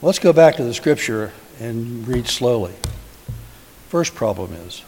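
A man's voice: medium pitch, lively intonation, measured pace, darkish tone, soft background music. A man giving a sermon as a pastor, asking the congregation many rhetorical questions in a conversational way. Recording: hissy recording in a reverberant hall.

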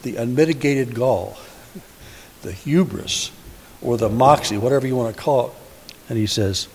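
A man's voice: mid-range voice, normal speed, creaky, pauses often, darkish tone. Male pastor, conversational questioning sermon, long hall reverb, faint hiss. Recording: hissy recording in a reverberant hall.

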